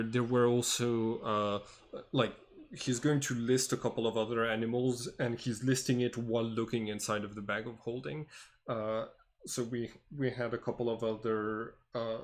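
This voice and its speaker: A man as game master, improvising narration and in-character answers in a hesitant, halting way full of fillers. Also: fairly low pitch. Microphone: online voice call.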